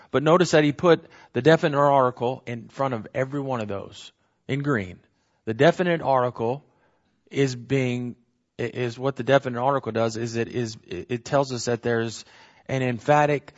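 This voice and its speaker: A man leads a verse-by-verse Bible study in an earnest, emphatic way. He stresses and repeats key phrases and corrects himself as he goes. His voice sits at a middle pitch, and the recording sounds slightly dull. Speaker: Bible teacher.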